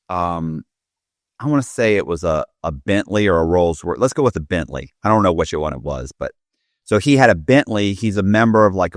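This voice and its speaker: A man with a low voice spins a loose story in relaxed podcast chat. He circles back, restarts phrases and leans on fillers. The sound is dry and close. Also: no room sound. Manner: rambling, many restarts and fillers. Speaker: podcast guest. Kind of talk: casual storytelling.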